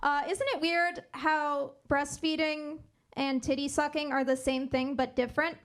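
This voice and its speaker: A woman performing a stand-up set on a comedy club stage, delivering dry one-liners and pausing for laughs. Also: sits high, level tone.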